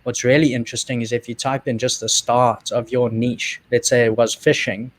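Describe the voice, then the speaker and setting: A man with a South African accent, co-hosting and explaining business steps in a calm, measured way. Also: mid-range voice, dry recording. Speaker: co-host. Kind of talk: casual explanation.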